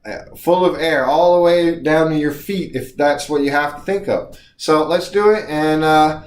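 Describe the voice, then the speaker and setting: Guy coaching you thru breathing drills, kinda higher voice, encouraging, roomy echo. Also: a little slow. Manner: encouraging, guides breathing exercises. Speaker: speaking coach. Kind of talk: instructional video lesson.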